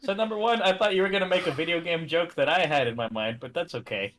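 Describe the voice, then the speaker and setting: A man's voice: on the high side, quick pace, a crowd in the background. A young man co-hosting a reaction video, joking playfully. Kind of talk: casual chat.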